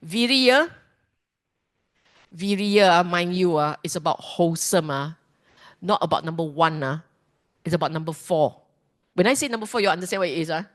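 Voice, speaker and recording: A woman teaching a dharma class, lively and emphatic, often putting questions to the class. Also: fairly low pitch, normal speed, pauses often. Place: class hall.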